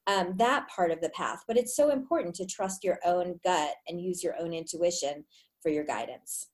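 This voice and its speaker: A woman's voice: on the low side, normal speed. A woman talking frankly and cheerfully as a guest on a casual podcast. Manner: upbeat, frank, chatty. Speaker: guest, oracle deck creator.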